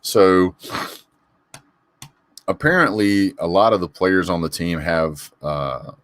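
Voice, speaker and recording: A man's voice: low voice, slow, a bit bright. A man hosting a casual live sports show, reading comments and greeting viewers by name in an opinionated, chatty way. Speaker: sports talk host reading live chat. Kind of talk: casual live call-in chat.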